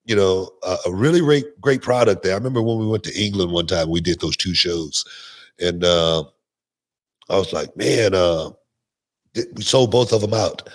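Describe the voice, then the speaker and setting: A man guesting on a talk show, telling animated stories and often repeating words as he goes. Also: low voice, normal speed. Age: older. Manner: animated, repeats words, laughs mid-sentence. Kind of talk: casual interview storytelling.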